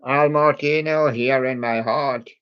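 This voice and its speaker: A man hosting a livestream, chatting slowly and jokily as he reads out a list of old songs, with many ums and rambling asides. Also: mid-range voice, fairly even intonation, clear, resonant tone, dull audio. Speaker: livestream host reading out a music playlist. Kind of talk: casual running commentary between old songs.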